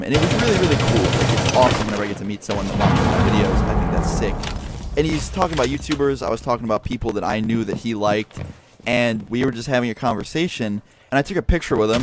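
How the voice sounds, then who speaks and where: A man's voice: fairly low pitch, background noise. A young man, a YouTuber, telling a story casually and animatedly, with lots of swearing. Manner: animated, profane, heavy swearing. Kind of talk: casual storytelling over gameplay. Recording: game sounds and gunfire behind voice. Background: gunfire and clicks from a game.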